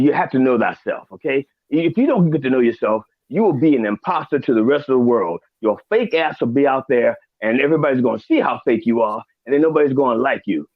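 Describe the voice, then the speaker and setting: A man's voice: medium pitch, husky, no echo, phone-quality sound. A man playing a crude older reverend character, rambling and profane with preacher-like asides, in a studio. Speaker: comedic guest in character. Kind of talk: improvised comedy in character.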